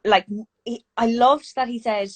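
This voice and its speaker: A woman's voice: on the high side, steady tone, normal speed. Irish woman host, chatty, fillers everywhere, video call chat. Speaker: interviewer. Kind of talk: casual live interview chat.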